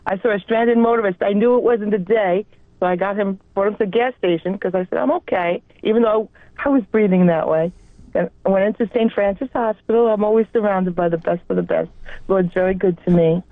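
A woman's voice: medium pitch, brisk, no echo. A woman with a New York accent calling in to a radio show, telling a personal story in an earnest, rambling way. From New York area. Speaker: caller. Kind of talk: phone-in testimony. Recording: tinny phone line.

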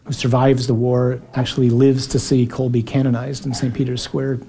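A man's voice: mid-range voice, little pitch movement, moderate pace, dark tone. A man preaching a sermon in an earnest, emphatic way, sometimes acting out quoted voices.

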